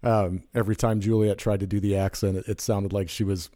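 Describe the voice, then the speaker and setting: Man, podcast co-host, lowish voice, dark mellow tone, dry sound, easygoing. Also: little pitch movement, a little fast, no echo. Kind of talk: casual podcast chat.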